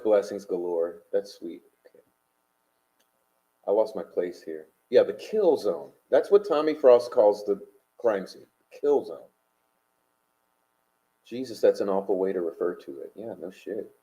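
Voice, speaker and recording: A man's voice: medium pitch, dark tone. A man hosting a livestream, reading chat and super chats aloud in rambling, combative talk full of fillers. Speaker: livestream host. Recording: dull lo-fi stream audio.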